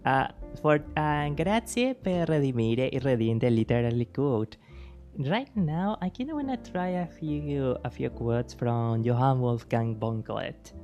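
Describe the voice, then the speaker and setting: A woman streamer with an unusually deep, dark voice and an unhurried, careful way of talking. She teases her chat playfully and thanks viewers again and again. Soft music plays faintly underneath. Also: animated. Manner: deliberately slow, careful speech.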